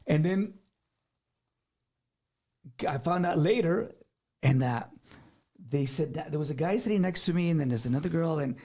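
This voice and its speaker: High-voiced dude telling a story, animated, laughs a lot. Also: male voice, normal speed, pauses often. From South Texas. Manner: animated, laughing, repeats words. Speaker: guest musician. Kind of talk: casual storytelling.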